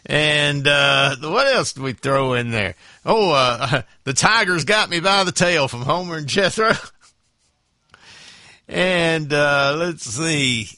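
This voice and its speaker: A man's voice: on the high side, animated, takes it slowly, bright, forceful tone, dry recording, studio quality. A man hosting a morning radio show, chatting casually with chuckles and a lot of fillers. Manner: chuckling, rambling, with many fillers. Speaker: radio host.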